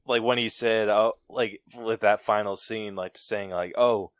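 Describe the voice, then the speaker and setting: A man with a low voice chats easily about a film, agreeing and hedging as he goes. His sound is close and dry, like a home podcast mic. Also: fairly even intonation, a little slow, smooth, dry recording. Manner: laid-back, agreeable, hedging with fillers. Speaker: podcast co-host. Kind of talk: casual movie review chat.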